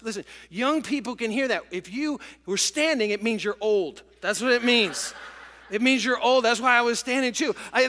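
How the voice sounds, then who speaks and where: A middle-aged man preaching a sermon to a congregation, telling stories in an animated, emotional way. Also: extremely high pitch. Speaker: pastor. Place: large church auditorium with congregation. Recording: long church hall reverb.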